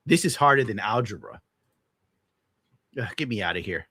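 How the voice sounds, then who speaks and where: Man, young adult, streamer, bitter crude rant, bright forceful voice, dry close sound. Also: lowish voice, lively intonation, normal speed, slightly rough, no echo. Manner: bitter, crude, heavy swearing. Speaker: streamer reacting to clips. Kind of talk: casual ranting commentary.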